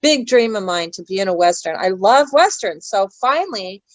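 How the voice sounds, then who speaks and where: Chatty actress, dry close sound. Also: female voice, medium pitch, animated, normal speed, no room sound, low-quality recording. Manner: chatty and digressive, loses her thread. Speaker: actress guest. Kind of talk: casual interview chat.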